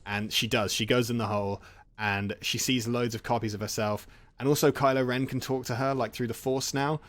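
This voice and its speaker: A man's voice: medium pitch, steady tone, fairly quick, fairly bright tone. Jokey guy rambling a recap. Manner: rambling, jokey, laughs often. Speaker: gaming channel host. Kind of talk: casual recap while playing a game.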